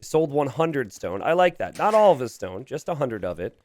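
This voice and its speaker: A man casting a strategy game, joking with his co-caster and laughing often. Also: mid-range voice. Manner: animated, joking, quick to laugh. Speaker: esports caster. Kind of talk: live game commentary with banter.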